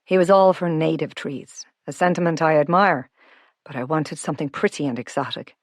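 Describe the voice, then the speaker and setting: A woman's voice: low-pitched, normal speed, no room sound, studio quality. A woman voicing a friendly, wealthy Irish man who is down to earth and teasing, with an Irish accent. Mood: genial. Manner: warm, teasing, homely.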